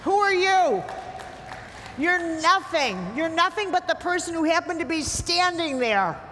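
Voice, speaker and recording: A woman's voice: sits high, fairly bright tone. A woman giving a blunt, emphatic talk to a live audience, teasing her listeners as she lectures. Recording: hall reverb with faint ambience.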